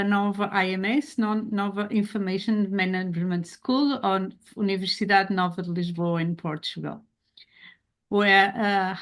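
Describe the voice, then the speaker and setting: A woman moderating an academic webinar, reading a measured, formal introduction of the guest. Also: mid-range voice. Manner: measured, reads a prepared introduction.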